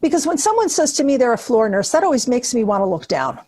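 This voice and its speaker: A woman's voice: on the high side, very animated, quick pace, darkish tone, slightly rough. Upbeat woman giving a speech. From New Jersey. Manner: upbeat, punchy delivery with comic asides. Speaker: keynote speaker at nursing awards. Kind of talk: prepared speech with humor.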